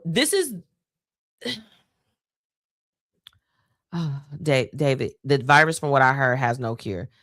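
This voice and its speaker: A woman's voice: rumbling low, slow pace, pauses often, no echo, clean studio sound. Chatty woman live-stream host. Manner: animated, chatty, laughs often, addresses viewers as y'all. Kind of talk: casual live-stream chat.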